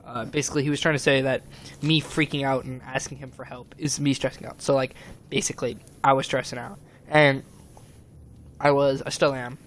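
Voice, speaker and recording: A man's voice: mid-range voice, level tone, fairly quick, a bit bright, a little hiss or hum. A young man streaming, rambling and agitated as he retells a falling-out, with lots of fillers and restarts. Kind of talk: casual stream chat, retelling a conversation.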